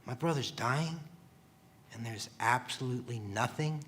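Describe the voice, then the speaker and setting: Male storyteller, slightly high voice, earnest and confessional, frequently hushed first-person delivery. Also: unhurried. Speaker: firefighter telling a personal story.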